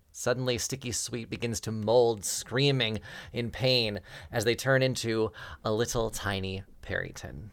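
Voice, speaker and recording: A man running a tabletop game, narrating at an unhurried pace and chuckling often. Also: on the low side, vocal fry, fairly bright tone, no room sound. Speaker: game master.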